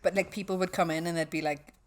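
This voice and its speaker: A woman with a Northern Irish accent, telling swearing, lively stories in a casual podcast chat. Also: lowish voice, fast. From West Belfast, Northern Ireland. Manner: swearing storyteller, acts out quotes. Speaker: guest.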